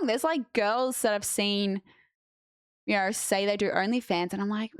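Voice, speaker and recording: A woman's voice: medium pitch, measured pace, smooth, no echo, clean studio sound. A young woman streaming, chatting bluntly and jokingly with her live chat and reading messages aloud. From Australia.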